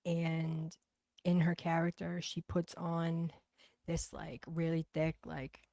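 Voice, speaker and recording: A woman's voice: deep voice, little pitch movement, takes it slowly, creaky, warm tone, no room sound. A woman with a thick Boston accent chatting bluntly and profanely on a livestream, reading out comments. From Boston, USA. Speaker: livestream host.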